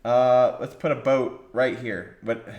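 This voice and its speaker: A man's voice: mid-range voice, slow pace, reverberant, muffled recording. A man preaching a sermon, exhorting his listeners and repeating key phrases for emphasis.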